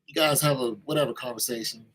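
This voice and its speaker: A man's voice: medium pitch, fairly even intonation, quick pace, fairly bright tone, poor audio. A man giving an informal sermon-style talk, conversational, acting out little exchanges with kids in raised voices.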